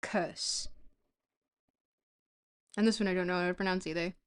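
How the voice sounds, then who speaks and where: A woman's voice: lowish voice, fairly even intonation, normal speed, clear, resonant tone. A tired woman streaming herself reading a book aloud, chatting casually and stumbling over foreign words.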